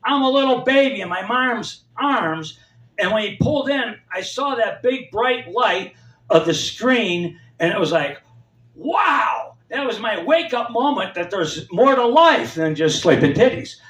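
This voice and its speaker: This is stand-up storytelling from a man in his seventies who wanders through anecdotes and voices the people in his tales. His voice sits high, very animated and fairly bright, at a normal speed. The club recording sounds roomy and far off.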